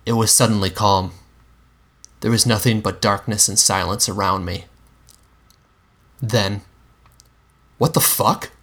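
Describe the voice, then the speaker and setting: A man giving a measured, grave first-person story reading. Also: fairly low pitch, steady tone, a bit bright. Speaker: story reader.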